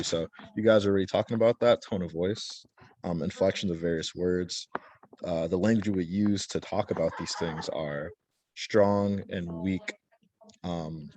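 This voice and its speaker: A very low-pitched young man teaching an online lesson. He explains in a casual, loose way, full of fillers and false starts. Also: a little mellow. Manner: casual, many fillers and restarts.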